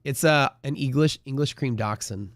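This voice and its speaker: A man's voice: medium pitch, normal speed, dry recording, studio quality, soft background music. A man hosting a live day-trading stream, chatting casually in a rambling way, full of fillers and the odd swear word.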